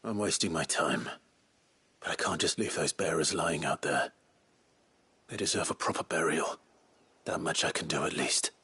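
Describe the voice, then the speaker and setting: Grim, deep-voiced Clive. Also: male voice, moderate pace, pauses often, pushed and bright, heavily acted. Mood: resolute. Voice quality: deep, gruff, restrained. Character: grim, stern young man, a branded warrior. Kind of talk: video game voice acting.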